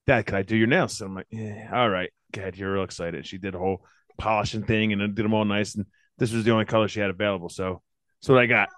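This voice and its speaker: A man's voice: fairly low pitch, fairly even intonation, fast talker, fairly bright tone, dry recording. Profane storytelling middle-aged man. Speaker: podcast co-host. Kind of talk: casual chat.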